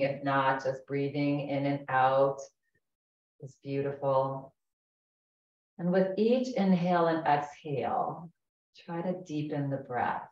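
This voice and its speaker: Low-voiced woman guiding chair yoga. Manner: calm, gentle, slow breathing cues. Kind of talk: guided yoga class instruction. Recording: echoey, distant, dull room recording.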